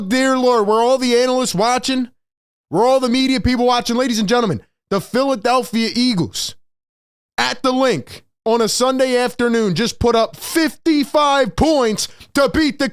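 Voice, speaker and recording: High-voiced, hyped sports fan host. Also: male voice, smooth, no room sound, studio quality. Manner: hyped, emphatic, keeps repeating "man". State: straining his voice from excitement. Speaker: postgame show host. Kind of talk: live fan postgame commentary.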